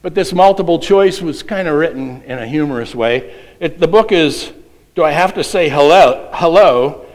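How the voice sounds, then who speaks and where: A man's voice: a little high, lively intonation, normal speed, rough recording. A middle-aged man preaching a sermon, reading a children's quiz aloud with playful voices. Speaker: pastor.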